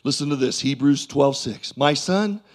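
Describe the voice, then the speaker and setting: A male pastor preaching a sermon in a church, swinging from loud calls to low asides and calling for amens. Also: expressive, moderate pace.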